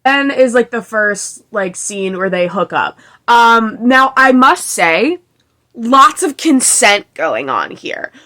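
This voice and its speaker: A woman's voice: a little high, a bit bright. A young woman in her twenties giving a casual, sarcastic book recap, reading passages aloud between giggly asides. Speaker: book reviewer.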